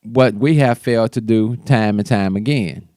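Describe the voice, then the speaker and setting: A man with a low, mellow voice talks politics on his own show. He speaks loosely, stumbling and restarting as he goes. The sound is dry and close, with no room around it. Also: moderate pace, clear, resonant tone, dry recording. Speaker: show host. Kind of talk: casual political commentary.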